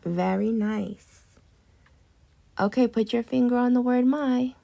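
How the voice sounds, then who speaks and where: A woman teaching an early reading lesson to young children, patient and slow, drawing out words as she models them. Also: on the high side, vocal fry, dark tone.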